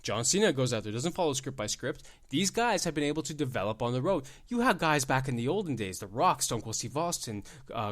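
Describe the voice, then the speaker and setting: A young man hosting a solo wrestling podcast, ranting emphatically and repeating himself for effect. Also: medium pitch. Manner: animated, ranting, emphatic repetition. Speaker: podcast host.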